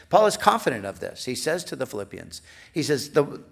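A man preaching a sermon as pastor, swinging between emphatic lines and hushed asides. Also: medium pitch, big pitch swings, vocal fry, husky. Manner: slow, dynamic preaching, swinging from loud to hushed.

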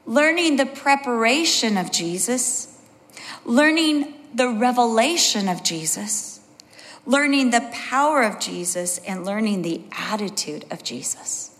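Preaching as a Bible teacher, a middle-aged woman shares personal stories and performs the quotes in them. Her voice is a little high, animated and fairly bright, at a measured pace. A long hall reverb surrounds the audio.

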